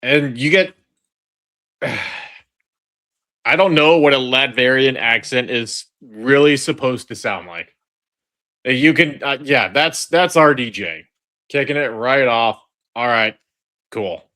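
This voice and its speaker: Slow-talking man reacting to a trailer. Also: mid-range voice, expressive, pushed and bright. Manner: chatty, repeats phrases and restarts, addresses the audience as folks. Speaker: online video host. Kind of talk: casual trailer reaction commentary.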